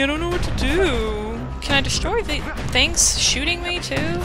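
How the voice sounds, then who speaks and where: A woman's voice: a little high, expressive, moderate pace, hardly any pauses, music in the background. A woman giving live gameplay commentary as a let's play host, exclaiming and mocking her own mistakes.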